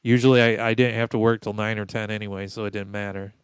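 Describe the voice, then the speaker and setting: A man's voice: fairly low pitch, level tone, fast, clean tone, dry recording. A man in his thirties telling a story with sarcastic asides in a casual podcast chat. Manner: wry, sarcastic storyteller, mimics people he meets. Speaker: podcast co-host.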